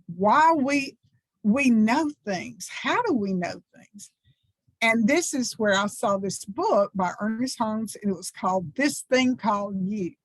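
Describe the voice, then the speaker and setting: A woman's voice: on the high side, no room sound, rough recording. A woman in her sixties with a Southern US accent, a reverend telling personal stories in a talk at church, enthusiastic and folksy. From American South. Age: 60s. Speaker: reverend, guest speaker.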